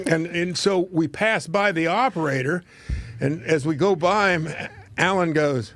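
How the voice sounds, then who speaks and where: This talk show host, a man in his 70s, speaks at a measured pace in a voice on the high side and a bit bright. He rambles through a folksy childhood story, laughing at his own tales.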